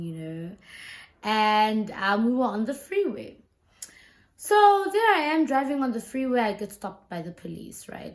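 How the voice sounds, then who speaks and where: A South African woman who is a lawyer, telling a story in a chatty, conversational vlog and often tagging her lines with "right?" and "you know". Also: medium pitch. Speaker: lawyer and YouTuber.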